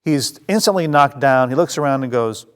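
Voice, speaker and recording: A man teaching a Bible study to a congregation, telling the story lively and acting out scenes, with many fillers and restarts. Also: medium pitch, moderate pace, clear, resonant tone. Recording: long reverb of a hall.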